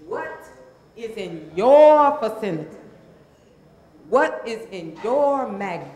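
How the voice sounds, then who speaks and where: A woman speaking as a transformational coach to a live audience, calling for responses and repeating phrases for emphasis. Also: high-pitched. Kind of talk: motivational seminar talk to a live audience. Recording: very echoey hall.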